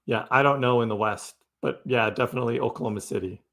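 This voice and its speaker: A man's voice: mid-range voice, fast, a bit bright. A man hosting a live crypto stream, chatting casually and answering viewers' messages as he reads them. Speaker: crypto livestream host. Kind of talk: casual livestream chat with viewers.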